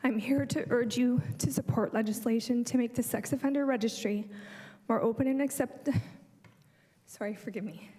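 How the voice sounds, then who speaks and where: A woman with a high voice reads a prepared statement at a council lectern. She sounds earnest and pauses to correct herself. Her voice carries the long reverb of a large chamber. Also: fairly even intonation, warm tone. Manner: earnest, apologizes and corrects herself mid-sentence. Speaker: public delegate.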